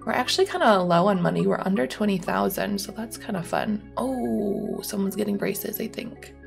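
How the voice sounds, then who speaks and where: A woman's voice: medium pitch, expressive, moderate pace, gravelly, soft background music. A young woman giving rambling, casual commentary on her own gameplay, full of ums and likes. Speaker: gaming YouTuber.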